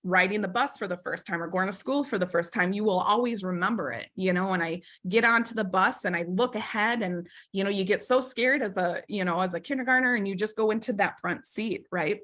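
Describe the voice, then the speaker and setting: A Minnesota woman presents a webinar over a video call mic, telling a personal story earnestly and reflectively with lots of fillers and tag questions. Her mid-range, slightly bright voice moves briskly with hardly any pauses.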